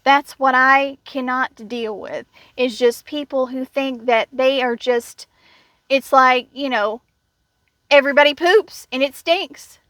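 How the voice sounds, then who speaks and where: Blunt, indignant woman with a high voice. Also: slow, fairly bright tone, no room sound. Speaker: vlogger. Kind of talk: casual storytelling rant.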